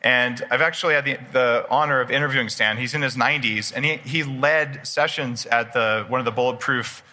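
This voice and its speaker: Bright-voiced man giving a lively talk. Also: mid-range voice, brisk. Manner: enthusiastic, conversational, jokes with the audience. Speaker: speaker at a personal development expo. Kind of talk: live conference talk. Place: event hall before a live audience.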